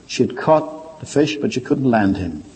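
A man's voice: very animated, moderate pace, slight background noise. Older preacher man in a reverberant hall. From Ireland. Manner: storytelling, swings from low quiet asides to raised emphatic points. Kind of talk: sermon.

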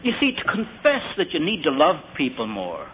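A man's voice: fairly high pitch, huge pitch swings, moderate pace. A man preaching an earnest, anecdotal sermon, putting questions to his listeners. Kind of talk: storytelling sermon. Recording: tinny lo-fi recording with faint hiss.

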